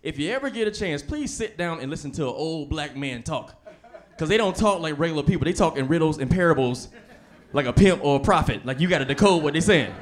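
High-voiced young man doing stand-up. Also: quick pace. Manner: animated storytelling, laughs between lines. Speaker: stand-up comedian. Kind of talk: stand-up comedy set.

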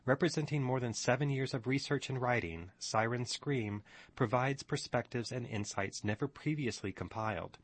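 A man's voice: medium pitch, moderate pace. A male radio host introducing a guest and reading from her website in an earnest, formal way.

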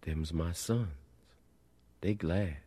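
A man's voice: deep voice, very slow, warm tone, slightly rough, heavily acted. A man doing a sorrowful old woman. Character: old woman singer of spirituals, sorrowful and wise.

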